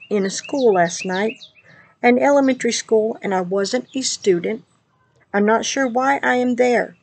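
Husky woman in fervent prayer. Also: medium pitch, a little mellow, low-quality recording. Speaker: dream teller. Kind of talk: praying and recounting a dream.

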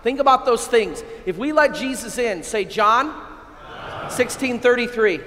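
A man who is a priest, giving an animated keynote sermon and leading his audience in call-and-response. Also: extremely high pitch, measured pace, a crowd in the background. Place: large hall. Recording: echoey hall.

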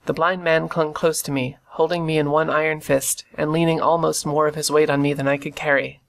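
Reading a classic adventure novel aloud, this narrator uses a gravelly, medium-pitched voice and a steady, measured storytelling manner.

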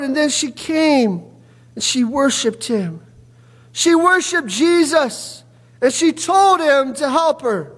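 A male pastor delivers a fervent evening sermon in a very high, ringing voice. His speech is full of "uh" fillers and breaks into sudden shouted bursts. The sound carries a long church reverb. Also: big pitch swings, slow pace. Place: church sanctuary.

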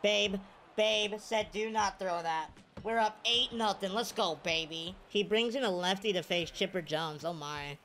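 A woman's voice: mid-range voice, a little slow, slight background noise. A woman giving live video game commentary, cheering and groaning at every play. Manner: excitable, cheers and groans at plays. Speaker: gaming streamer.

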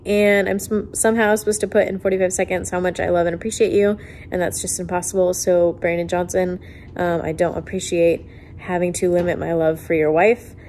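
A woman with a fairly low voice speaks earnestly, with a teasing edge. A faint hiss sits behind her. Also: a little mellow. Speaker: close friend giving birthday wishes. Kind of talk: recorded video message.

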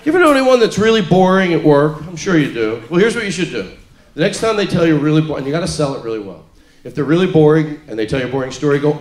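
Male stand-up comedian, high lively voice, live club recording with room echo and audience noise. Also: quick pace. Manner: mock-earnest, acting out quoted people. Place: comedy club stage before a laughing audience.

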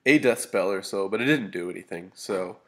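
Sniffly man with a gravelly low voice. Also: a little fast. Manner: casual, many fillers and restarts, dry humor. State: a little sniffly. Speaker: hobby gamer reporting a battle. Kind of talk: casual narrated battle report over photos.

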